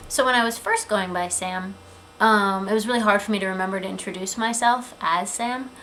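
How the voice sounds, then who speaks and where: A woman in her twenties talking in a casual, earnest personal vlog, chatty, with frequent ums and quick asides. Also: mid-range voice, a bit bright, rough recording. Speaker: vlogger. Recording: 2008 webcam video, faint room noise.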